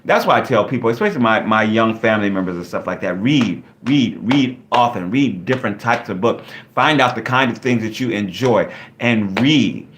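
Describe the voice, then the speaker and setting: A man's voice: fairly low pitch, lively intonation, normal speed, fairly bright tone, a little hiss or hum. A man hosting a live online Q&A, chatting casually and rambling with many fillers. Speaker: live stream host.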